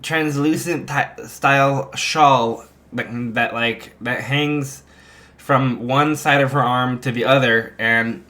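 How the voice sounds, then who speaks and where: Man, slow delivery, rambling, filler-packed fan story narration. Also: medium pitch, steady tone, pushed and bright. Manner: rambling, full of fillers and restarts. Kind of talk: improvised fan fiction narration.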